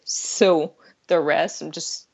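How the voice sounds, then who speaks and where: A woman's voice: low voice, steady tone, slow, gravelly, darkish tone. A middle-aged woman talking earnestly and candidly as a guest on an interview podcast, laughing now and then. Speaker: life coach guest.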